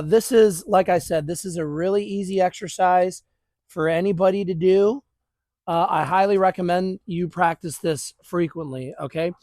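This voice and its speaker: A man with a fairly high voice talks viewers through a dog training drill outdoors, mixing calm explanation with quick praise for the dogs. The sound is dry and close, with little room around it. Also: no room sound. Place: outdoors near grass.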